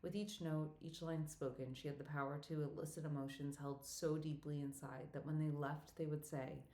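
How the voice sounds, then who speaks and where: A woman reading a romantic comedy novel aloud as audiobook narrator, in a steady, even storytelling manner. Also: low-pitched, moderate pace, hardly any pauses. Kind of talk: scripted narration. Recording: roomy echo.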